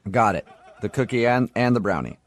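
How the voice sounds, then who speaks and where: A man hosting a radio prank call, posing as a bank manager, talking in a smooth, mock-innocent way. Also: medium pitch, lively intonation, a little fast, no room sound.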